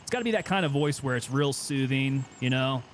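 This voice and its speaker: A man's voice: medium pitch, animated, a little fast, a little hiss or hum. A man streaming a game, chatting and joking in casual commentary. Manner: chatty, joking, self-amused.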